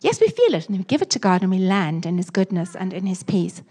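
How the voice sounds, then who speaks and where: Woman pastor, husky tone, emphatic sermon delivery that sinks to hushed prayer. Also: mid-range voice, fast talker. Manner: expressive, shifting from lively emphasis to soft hushed prayer. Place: church.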